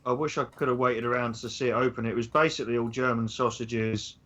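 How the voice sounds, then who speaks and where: Man, mid pitch, meandering chat, muffled lo-fi recording. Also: steady tone, fast, fairly bright tone. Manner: rambling, searches for words. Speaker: stream co-host. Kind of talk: casual chat.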